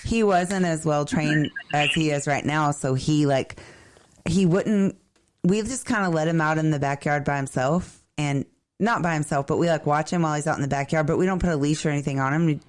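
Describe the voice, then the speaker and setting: A woman in a casual chat, telling a story in a calm, matter-of-fact way. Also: low voice, a little fast.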